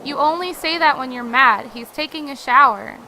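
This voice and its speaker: A woman voicing an anxious young brother who talks in a fussy, rushed, repetitive way. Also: high voice, pushed and bright, slight background noise, poor audio. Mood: fretful. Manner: fussy, rushed, repeats himself. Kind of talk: reading game dialogue aloud.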